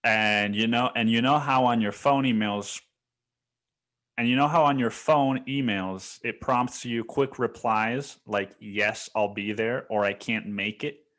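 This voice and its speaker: A young man talks alone on his podcast in a loose, rambling way. He swears freely and keeps dropping "dude" and "like" as he goes. His voice sits at an ordinary middle pitch for a man. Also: a little slow, fairly bright tone. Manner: rambling, swears a lot, says "dude" and "like" often. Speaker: podcast host. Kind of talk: casual solo podcast monologue.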